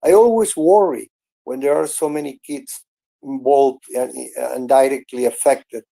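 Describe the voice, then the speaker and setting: Earnest gravelly man. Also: medium pitch, mellow. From Venezuela. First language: Spanish. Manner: earnest, halting, with many restarts and "I mean". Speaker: host. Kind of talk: casual chat in an online audio room.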